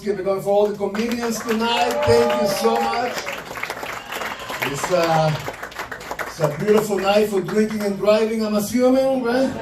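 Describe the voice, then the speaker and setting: A high-voiced male comic performs a stand-up set in a loud comedy club, telling profane, punchy stories and acting out the quotes. He's captured from far off in roomy club sound, with the audience laughing loudly throughout.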